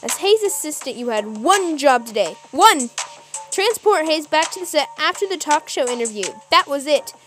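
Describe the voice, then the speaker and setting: A woman voicing a bossy, sharp-tongued male film director who scolds his staff, with music playing underneath. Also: on the high side, moderate pace, natural voice. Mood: angry.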